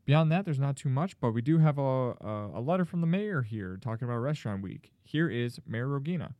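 A man hosting a podcast, announcing in a jokey, energetic way. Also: mid-range voice, fairly quick, dry recording, lo-fi sound. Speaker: podcast host.

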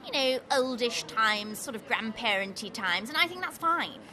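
A woman's voice: a little high, expressive, moderate pace, crowd noise. A woman chatting casually, playful and mock-serious, laughing often. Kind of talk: casual comedic chat.

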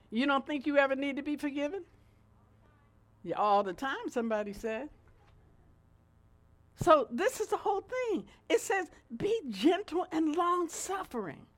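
Lively high-voiced woman preaching. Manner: lively, conversational, swings between loud and soft. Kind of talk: sermon.

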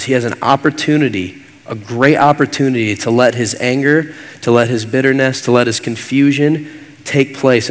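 A male pastor preaching a sermon with an earnest, repetitive cadence. His voice sits at an ordinary pitch. It rings out with a long reverb that fills the church hall around him.

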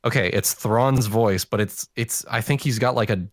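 A man's voice: fairly low pitch, moderate pace, no room sound, studio quality. A man talking as a guest on a casual podcast, often repeating words and restarting his sentences.

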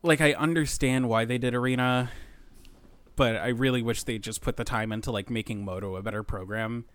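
A man's voice: medium pitch, fairly even intonation, a little fast, clear, resonant tone, no room sound. Rambling man with a dry close voice. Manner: rambling, hesitant, many fillers. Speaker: podcast guest. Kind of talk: casual chat.

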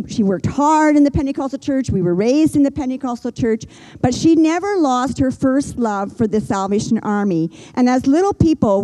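An older woman preaching a sermon, earnest and gentle, slowing down and pausing for emphasis. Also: a little high, rough recording. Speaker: pastor.

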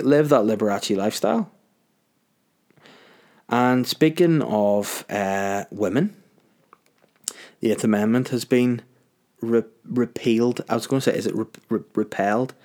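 A Northern Irish man hosts a podcast alone, talking off the cuff in a casual, ranting monologue. His voice sits a little low, and he often breaks off mid-word to restart his sentences. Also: darkish tone. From Northern Ireland. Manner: rambling, ranting, self-interrupting. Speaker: podcast host.

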